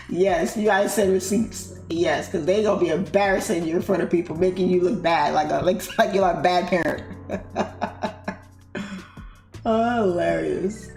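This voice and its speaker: Woman host, giggly chatty storyteller, slangy, roomy sound with soft music behind. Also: on the low side, normal speed, gravelly. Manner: laughing storyteller, loose slangy talk. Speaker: trading livestream host. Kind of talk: casual chat while trading.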